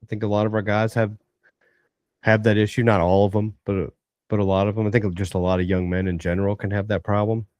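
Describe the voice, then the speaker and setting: Very low-voiced man, casual panelist, deadpan and insistent, dry mic. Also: fast talker, no room sound. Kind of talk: casual group chat.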